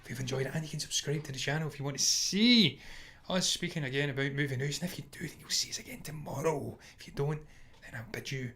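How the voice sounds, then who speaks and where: Opinionated, higher-voiced male movie-show co-host. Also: fast talker, sharp tone, breathy edge. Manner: opinionated, emphatic, laughs easily. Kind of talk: casual movie news chat.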